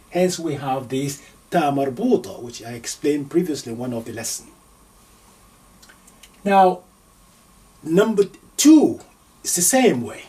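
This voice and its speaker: A man teaching an Arabic grammar lesson, slowly sounding out words syllable by syllable as he writes them. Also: on the high side, darkish tone, recorded from a distance. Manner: slow, deliberate, sounding out syllables.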